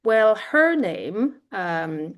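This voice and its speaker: A woman's voice: medium pitch, very animated, extremely slow, muffled recording. A woman giving an academic linguistics lecture, explaining step by step with frequent fillers and self-corrections, now and then acting out short example exchanges. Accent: German-speaking European. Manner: acts out short quoted exchanges.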